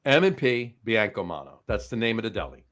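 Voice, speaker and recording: A man's voice: lowish voice, sing-song, a little fast, fairly bright tone. A man hosting a casual chat, telling stories and rambling with restarts. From New Jersey. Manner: rambling, many fillers and restarts, tells stories. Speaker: host.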